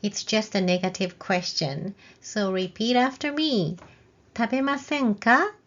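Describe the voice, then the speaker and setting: A woman's voice: mid-range voice, lively intonation, unhurried, dull audio. A woman teaching a video language lesson. She explains grammar step by step and models example phrases with a rising question tone for learners to repeat. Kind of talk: slow, clear video lesson.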